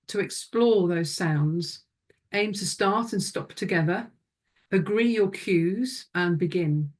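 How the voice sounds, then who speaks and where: A woman with a somewhat low voice leads a music teaching webinar. She speaks in a calm, instructive way, close to the microphone. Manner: calm, instructive, demonstrates vocal exercises. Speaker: music education presenter.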